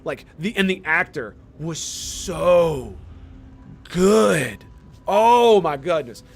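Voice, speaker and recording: A young man streaming a game and chatting casually, excited and rambling, full of "dude" and "man". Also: a little high, very slow, vocal fry, a little hiss or hum. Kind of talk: casual chat while streaming.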